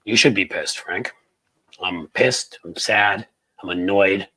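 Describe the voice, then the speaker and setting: A man from the United States hosts a casual political livestream, rambling through viewer comments with angry sarcasm. His voice sits very low and sounds husky. He talks with plenty of fillers and restarts. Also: takes it slowly, pushed and bright, low-quality recording.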